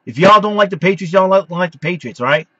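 A man's voice: high voice, animated, very fast, bright, forceful tone, slightly rough, no room sound, dull audio. A man giving an angry, indignant vlog rant, repeating himself and stammering as he addresses his critics.

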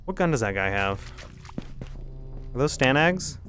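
A man streaming a game live, thinking out loud and talking straight to his chat as he plays. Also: mid-range voice, big pitch swings, a little slow, over music. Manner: chatty, thinking aloud while playing. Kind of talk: live gameplay commentary to chat.

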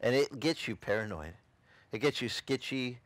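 At an outdoor beach service, a pastor delivers a testimony sermon, telling his story dramatically and acting out the scenes he describes. His mid-range voice is expressive and moves at normal speed, captured in a dry recording.

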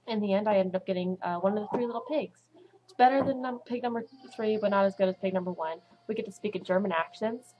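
A teenage girl chatting to camera at home in a casual vlog, talking fast and dramatizing what others said. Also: mid-range voice, muffled recording. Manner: chatty, dramatic, acts out quotes. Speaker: vlogger.

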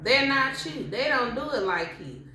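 A woman reading tarot cards for her viewers in a blunt, slangy, animated way. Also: on the high side, moderate pace. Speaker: tarot reader. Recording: echoey room with faint noise.

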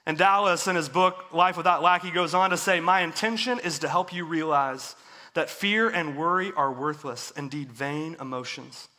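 A man preaching a sermon in a church, earnest and confessional, letting his phrases fall soft and low at the ends. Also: normal speed. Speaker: pastor. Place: church worship center.

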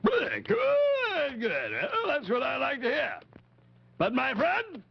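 A man's voice: extremely high pitch, huge pitch swings, slow, creaky, heavily acted. A man voicing a pompous, blustering male puppet chief on a 1950s children's TV show, bellowing his demands. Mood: demanding. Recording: dull lo-fi 1950s TV audio.

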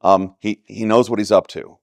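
Low-voiced pastor teaching Bible study. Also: male voice, fairly even intonation, normal speed, gravelly, dry recording. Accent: Texan. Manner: conversational teaching, rhetorical questions with "right?". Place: church classroom.

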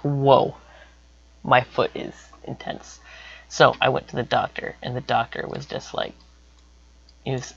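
A young man telling a casual story about himself in a rambling way, repeating words and breaking into sudden high exclamations. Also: vocal fry, fairly bright tone, slightly rough. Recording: dull lo-fi recording.

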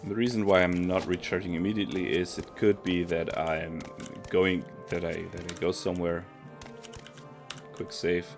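A German let's play streamer, whose first language is German, gives casual gameplay commentary in a low, gravelly voice at a level tone and normal speed. He thinks aloud and corrects himself as game music plays in the background.

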